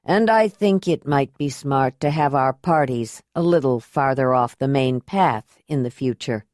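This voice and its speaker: Lady reading as a quiet protective guy, low, measured, polite. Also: lively intonation, no room sound, studio quality.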